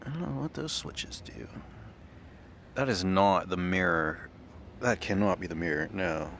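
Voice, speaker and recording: A man's voice: sits low, unhurried, a bit bright, a little hiss or hum. A man casually thinking aloud and rambling while playing a driving game. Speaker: gaming channel host. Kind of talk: casual gameplay commentary.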